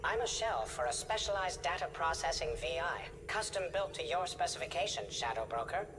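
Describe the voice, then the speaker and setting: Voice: mid-range voice, very animated, a little fast, natural voice. Actor doing synthetic drone assistant, formal, precise, lilting, game music behind.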